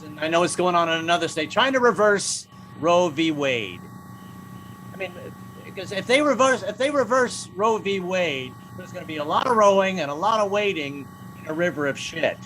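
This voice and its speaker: A man's voice: high-pitched, expressive, normal speed, fairly bright tone, a little hiss or hum, poor audio. An older man doing stand-up comedy, wry and self-mocking, with stammering restarts.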